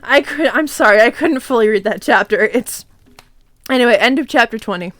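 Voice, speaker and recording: High-voiced giggly swearing woman streamer. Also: expressive, fairly quick, a bit bright, slight background noise. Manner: irreverent, swearing, giggly asides. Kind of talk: reading a fanfic aloud on stream.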